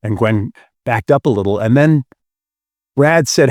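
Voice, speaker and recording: A man's voice: medium pitch, a little slow, pauses often, a little mellow, no echo, clean studio sound. A man hosting a relationship podcast, teaching through a retold story in an earnest, emphatic way.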